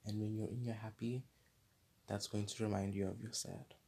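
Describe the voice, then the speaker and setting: A man's voice: lowish voice, flat delivery, moderate pace, gravelly, darkish tone, breathy edge. A man hosting his own podcast segment, talking in an earnest, rambling, unscripted monologue that often repeats itself. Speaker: podcast host.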